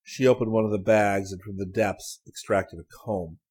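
A man reading a story aloud as an audiobook narrator, in a measured, even storytelling manner. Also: fairly low pitch, slightly rough. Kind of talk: scripted narration.

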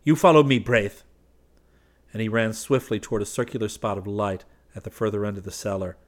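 Low-voiced guy reading a story aloud, steady and measured. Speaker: narrator. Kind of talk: audiobook narration.

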